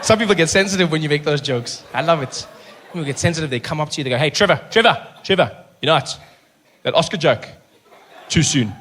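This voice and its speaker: A man with a South African accent performing a stand-up routine in animated storytelling, swinging between quiet asides and loud punchlines. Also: fairly high pitch, quick pace, a little hiss or hum. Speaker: stand-up comedian. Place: stage.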